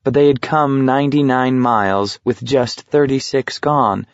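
A man narrating an audiobook in a measured, even storytelling manner. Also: mid-range voice, dry recording. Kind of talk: scripted narration. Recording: dull, slightly muffled.

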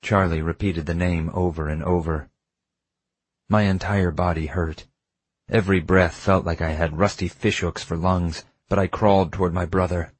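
Low husky guy reading an audiobook, measured and close, dry sound. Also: steady tone, no echo. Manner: measured, intimate first-person reading. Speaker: audiobook narrator. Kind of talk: first-person audiobook narration.

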